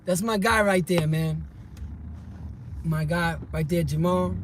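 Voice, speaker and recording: A man spins a loose, slangy story, sometimes getting loud and heated. His voice sits a little high for a man. Loud car and street noise runs under everything. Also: takes it slowly. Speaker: vlogger telling stories.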